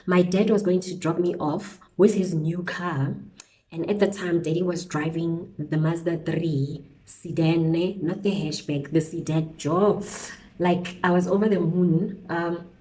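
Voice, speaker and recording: A young woman from South Africa chats her way through a storytime while applying eye makeup. Her voice is lowish and mellow, and her telling is lively and full of casual interjections. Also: moderate pace, poor audio. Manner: chatty, animated storytelling with slang interjections. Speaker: beauty vlogger. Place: indoors at home, windy outside.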